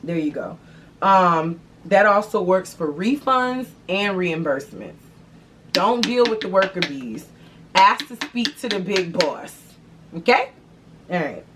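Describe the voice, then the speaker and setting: A young adult woman hosting a vlog, talking in an animated, profane, slangy way. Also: lowish voice, unhurried. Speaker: vlog host. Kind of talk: casual chat to camera. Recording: distant mic, faint background noise.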